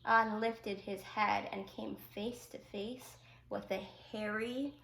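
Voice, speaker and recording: A woman teacher reading a picture book aloud to children, with gentle asides explaining the story. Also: medium pitch, steady tone, slow, creaky. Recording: echoey room.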